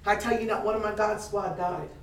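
An older woman preaching a sermon, telling lively stories with laughter in a preaching cadence. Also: medium pitch, a little fast, a little hiss or hum. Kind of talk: sermon with storytelling. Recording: echoey room picked up from a distance.

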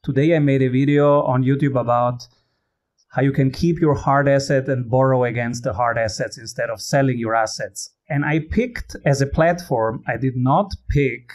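A man from Italy, hosting a casual interview in a conversational way, with slightly phrasing. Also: medium pitch. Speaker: podcast host.

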